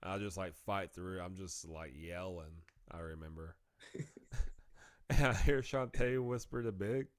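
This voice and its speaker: A low-voiced man co-hosts a podcast, telling a story at a measured pace in casual conversation. He laughs as he talks and acts out the people he quotes, in studio-quality audio with no room sound.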